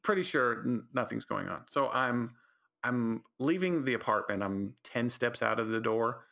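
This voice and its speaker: A young man tells a comedic story on his podcast in a rambling, animated way, restarting his sentences. His voice has a gravelly fry and a bright, forceful edge at mid pitch. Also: normal speed. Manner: rambling, animated, self-correcting. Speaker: podcast host.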